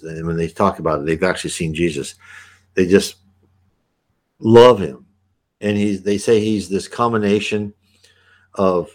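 A man reading aloud from an old spiritual book, breaking off to explain passages in a halting, animated way. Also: lowish voice. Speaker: reader and commentator.

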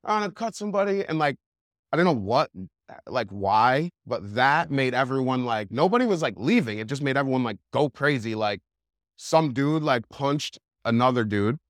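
Young man, podcast guest, mid-pitch, dry close studio sound, loose rambling storyteller. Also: normal speed, no echo. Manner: animated, heavy use of "like", laughs while telling. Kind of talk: casual storytelling.

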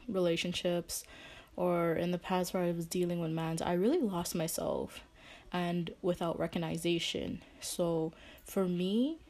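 A young woman talks straight to her audience in a casual vlog, blunt and swearing freely. Her voice sits somewhat low, and her speech is loose and full of fillers. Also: mellow. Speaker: relationship advice vlogger. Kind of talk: casual talk to camera.

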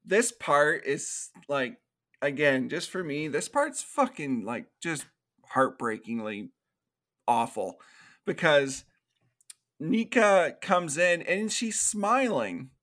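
A man's voice: a little high, expressive, slow, a bit bright. A young man co-hosting a casual movie review podcast, recapping scenes in a rambling way with lots of fillers and swearing. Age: young adult. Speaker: podcast co-host.

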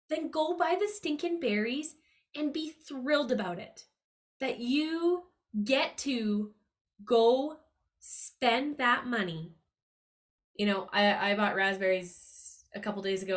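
A woman's voice: mid-range voice, a bit bright. Upbeat chatty woman podcast host. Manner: upbeat, chatty, with many fillers and asides. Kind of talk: casual motivational talk.

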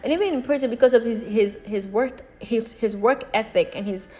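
Woman teaching a lively Bible study. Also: a little high, fairly quick, husky, soft background music. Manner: expressive, animated paraphrasing of scripture.

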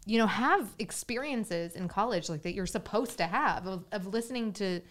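A woman's voice: mid-range voice, a bit bright. Earnest, chatty woman from Oklahoma. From Oklahoma, USA. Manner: earnest and talkative, quick laughs. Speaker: podcast guest, political commentator. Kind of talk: casual chat.

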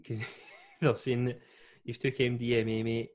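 A man's voice: medium pitch, little pitch movement, a little slow, a little mellow. A Scottish man co-hosting a podcast, chatting casually and rambling. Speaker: podcast co-host. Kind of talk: casual chat.

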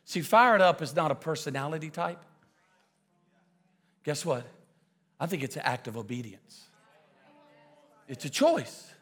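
A male pastor preaching a sermon full of comic stories, with excitable shouting bursts and quick asides. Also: a little high. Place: church auditorium. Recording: preaching in a large echoing hall with audience.

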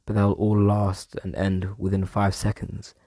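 A man's voice: on the low side, completely flat delivery, unhurried, mellow, no echo, clean studio sound. A young man, rambling casually through a podcast monologue at home. He trails off and jokes at his own expense in slang. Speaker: podcast host. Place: room at home.

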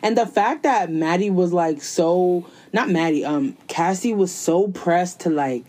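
A woman chatting casually with a friend about a TV show, animated and profane, acting out characters in quick quoted voices. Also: fairly low pitch, noisy background. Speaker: co-host recapping a TV series. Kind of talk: casual chat.

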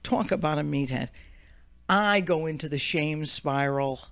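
A woman co-hosting a casual podcast, telling stories in an animated, profane way that jumps into high excited tones. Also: measured pace. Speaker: podcast co-host.

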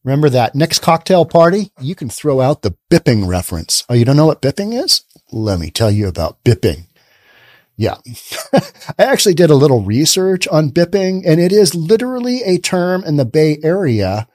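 A man's voice: a little high, very animated, moderate pace, a little mellow, dry recording, clean studio sound. A man hosting a podcast, commenting sarcastically on news stories he reads aloud, often repeating himself. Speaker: podcast host.

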